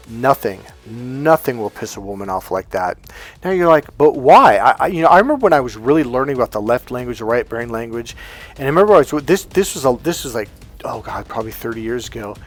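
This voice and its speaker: A man in his fifties giving dating advice straight to camera, bluntly and casually swearing, acting out bits of dialogue as he goes. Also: medium pitch. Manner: animated, acts out quoted dialogue. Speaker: dating coach. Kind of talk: direct-to-camera coaching monologue.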